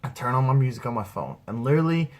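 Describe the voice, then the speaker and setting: A man's voice: mid-range voice, animated, fast, background noise. A young man telling a rambling comedy story about himself, saying "dude" again and again. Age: young adult. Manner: rambling, says "dude" a lot. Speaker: amateur comedian. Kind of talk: stand-up storytelling.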